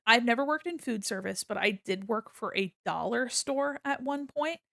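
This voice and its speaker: Profane, animated woman streamer. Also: fairly high pitch, moderate pace, gravelly, no room sound, studio quality. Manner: profane, animated storyteller acting out quotes. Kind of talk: casual chat to stream viewers.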